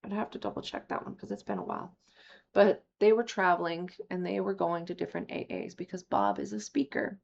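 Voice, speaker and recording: A young woman candidly telling a personal recovery story, emotional and quick to swear. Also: fairly low pitch, vocal fry, a little hiss or hum. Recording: slightly dull lo-fi audio.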